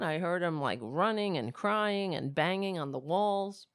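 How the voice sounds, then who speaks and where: A woman with a cracking, raspy voice, talking casually at home in a rambling, swearing vlog. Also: on the low side, animated, a little slow, hardly any pauses, dry recording, studio quality. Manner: swears freely, rambles and talks to her cats.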